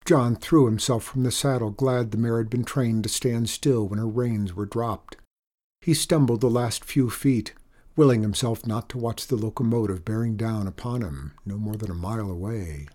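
A man reading a story aloud in an even, measured storytelling manner. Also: on the low side. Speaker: narrator. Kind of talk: audiobook narration.

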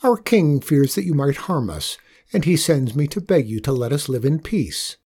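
A man doing a shrill, excitable little troll. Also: moderate pace, slightly rough, exaggerated voice. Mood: eager. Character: shrill little old male mountain troll, friendly.

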